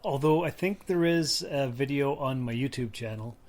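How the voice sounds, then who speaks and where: A man's voice: medium pitch, normal speed, a little mellow. A tired man co-hosting a podcast, slurring his words a bit. He rambles from one thing to the next and pokes fun at himself in a loose, casual chat. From Canada. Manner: rambling, self-deprecating, a little slurred from tiredness. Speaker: podcast co-host.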